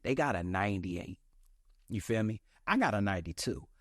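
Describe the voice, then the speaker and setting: Animated young man preaching self-help. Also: on the low side, normal speed, dry recording, studio quality. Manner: animated, preachy, slangy, acts out his inner voice. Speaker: podcast host. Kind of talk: motivational solo podcast talk.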